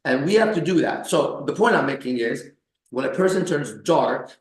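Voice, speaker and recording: A man's voice: on the high side, animated, normal speed. A man in casual podcast conversation, talking emphatically, swearing and keeping his listener engaged with "right?". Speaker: coach and podcast host. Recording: echoey room.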